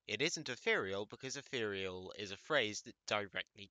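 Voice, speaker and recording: A man's voice: on the low side, animated, moderate pace, bright, forceful tone, dry recording. A man narrating an anime video essay, with crude, wry humor. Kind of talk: scripted comedic commentary.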